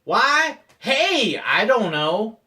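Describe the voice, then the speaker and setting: A goofy safari truck driver , as a man puts him on, drawls in a broad, exaggerated fake Texan accent. He runs his joking tour spiel slow and loud, and his voice swoops high on the punchlines. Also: sing-song, far from the mic, full character voice.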